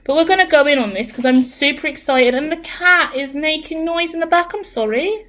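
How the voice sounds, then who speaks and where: A woman doing a casual live tarot reading, chatty, excitable and rambling, with some swearing and a croaky, cracking voice. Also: high voice, fairly quick, slight background noise. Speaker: tarot reader.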